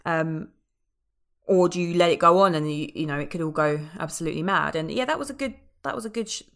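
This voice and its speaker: A woman with a gravelly, lowish voice speaks fast as she co-hosts a podcast. Her film review chat is casual and animated, packed with fillers and the odd curse.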